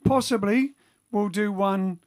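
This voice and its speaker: A man's voice: high voice, slow pace, a little mellow. A man hosting a lockdown livestream for his band, chatting casually and reading out viewer comments, rambling with lots of fillers and restarts. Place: home during lockdown.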